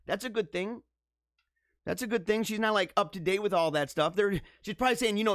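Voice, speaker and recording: A young man hosting a livestream, reacting to news stories with animated, mock-outraged rants and bursts of laughter. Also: sits high, brisk, dry recording, clean studio sound. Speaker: livestream host. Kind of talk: casual livestream commentary.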